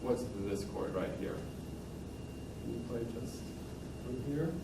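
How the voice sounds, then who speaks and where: A man's voice: medium pitch, slow, heavy background noise. Man coaching piano in a roomy hall. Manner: encouraging, demonstrates at the piano while talking. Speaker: composer coaching a pianist. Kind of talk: master class coaching. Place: room with a piano. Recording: roomy sound from a distant mic with loud piano.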